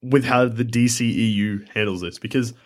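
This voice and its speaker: A man's voice: medium pitch, normal speed. A young man co-hosting a casual film review podcast, dry and sardonic, swearing freely. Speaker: podcast co-host.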